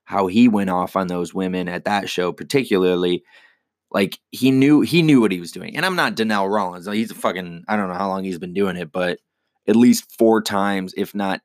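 Young male comic, low voice, rambling and swearing, dry close sound. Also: moderate pace, no echo. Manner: profane, rambling and self-critical. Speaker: stand-up comedian. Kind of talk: casual monologue.

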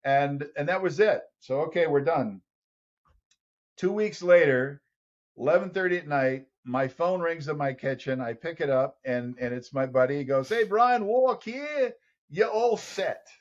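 A man's voice: fairly high pitch, normal speed. Man telling a story as a podcast guest. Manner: animated storyteller who acts out other people's voices. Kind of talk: storytelling in an interview. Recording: dull lo-fi sound.

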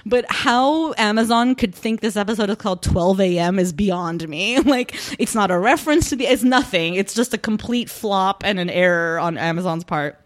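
A woman co-hosting a casual podcast, talking loosely and laughing often. She strings her thoughts together with plenty of "like" and "I mean". Her voice sits at a middle pitch for a woman. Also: lively intonation, moderate pace, hardly any pauses. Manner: chatty, giggly, lots of "like". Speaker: podcast co-host. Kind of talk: casual chat.

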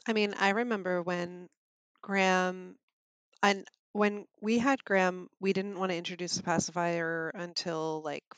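A woman candidly telling stories about her two young sons in a casual podcast chat, animated and blunt. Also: on the low side, a little slow, clear, resonant tone, no room sound. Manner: candid, animated storytelling with swearing. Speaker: podcast guest, mother of two boys.

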